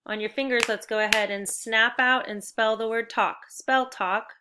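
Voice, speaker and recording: A woman with a bright, crisp voice teaches spelling to young children. She is upbeat and encouraging and walks the class through each step clearly. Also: fairly high pitch, steady tone, moderate pace.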